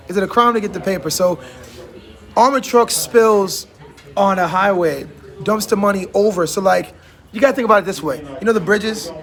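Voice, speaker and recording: A man's voice: high-pitched, a bit bright. A man hosting a casual talk show in a barbershop, teasing his guests and laughing often. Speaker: host. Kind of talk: casual chat.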